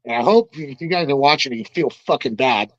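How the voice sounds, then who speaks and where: A man's voice: mid-range voice, expressive, a little fast, a bit bright, no room sound, muffled recording. A man telling a story as a podcast guest, in a rambling, profane and emphatic way. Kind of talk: casual storytelling.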